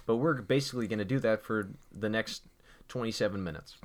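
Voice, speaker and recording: A man's voice: lowish voice, fairly quick. A man co-hosting a casual podcast, talking in a rambling, chatty way with lots of restarts and asides. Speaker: podcast co-host.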